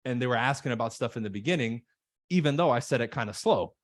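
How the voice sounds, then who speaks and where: A man coaching on sales calls in casual podcast chat, emphatic, acting out nervous callers in quick voices. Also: medium pitch, animated, no room sound, clean studio sound. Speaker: real estate coach.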